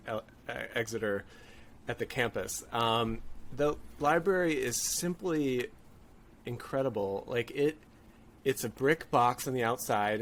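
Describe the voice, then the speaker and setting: A man being interviewed as a guest on a podcast, talking in a thoughtful, halting way with frequent restarts. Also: medium pitch, slight background noise. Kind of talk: casual interview chat.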